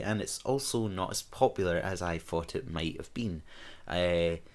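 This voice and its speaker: A Scottish man in his twenties chatting casually about his own songs, rambling and joking at his own expense. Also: low-pitched. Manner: rambling and self-mocking, with offhand jokes. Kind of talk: casual chat.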